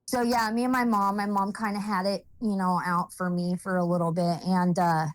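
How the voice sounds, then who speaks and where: A young woman speaks in a mid-pitched voice, halting often as she searches for words. She sounds emotional and close to tears as she shares her story. The sound is dry, with no room echo. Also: level tone. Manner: emotional, holding back tears. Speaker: vlogger telling her life story. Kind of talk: personal testimony, casual monologue.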